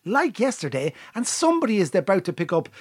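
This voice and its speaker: This Irish man tells his story with a voice that rises and falls widely, and a slightly husky edge. The sound is close and dry. He chats casually and swears freely. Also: high voice, fast talker, no room sound. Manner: storytelling, swearing, lively impressions. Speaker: podcast co-host. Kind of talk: casual comedic chat.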